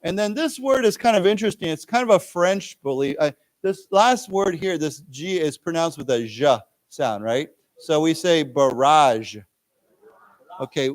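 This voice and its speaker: A man's voice: a little high, no room sound. A man teaching an English lesson, explaining words with everyday examples and often checking in with "okay?" and "right?". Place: library lecture room.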